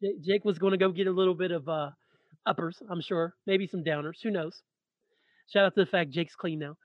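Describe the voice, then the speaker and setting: Chatty man, high voice, muffled sound. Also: a little fast, no room sound. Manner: relaxed, chatty, with asides. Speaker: podcast co-host. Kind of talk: casual storytelling chat.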